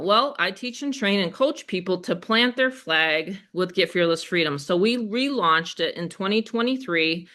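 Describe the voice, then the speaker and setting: A woman's voice: medium pitch, expressive, moderate pace, few pauses, pushed and bright. An older woman and grandmother with a Western New York accent, hosting a live sales webinar in a chatty, upbeat way and asking the audience questions. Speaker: webinar host.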